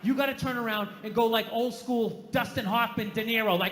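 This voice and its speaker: A man with a Boston accent doing a stand-up comedy routine on a live stage, ranting and swearing, swinging between low muttering and shouting. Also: a little fast, few pauses. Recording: echoey live venue, faint crowd noise.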